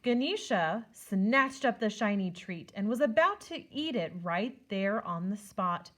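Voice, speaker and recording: A woman on a school's staff reading a children's picture book aloud with expressive storytelling. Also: medium pitch, a little slow.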